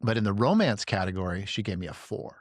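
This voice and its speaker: A man in a casual group conversation, telling stories in an animated way, swearing freely and acting out quotes in a raised voice. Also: lowish voice, fast talker, dry recording, clean studio sound. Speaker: podcast guest.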